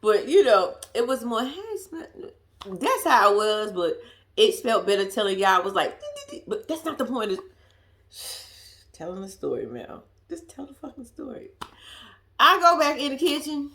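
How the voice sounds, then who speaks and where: A woman vlogger spins a story for her viewers in a lively, bouncing voice that swings up and down. She curses freely and laughs at her own antics, and her voice sits a little on the high side. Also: moderate pace. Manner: animated, swears freely, laughs at herself.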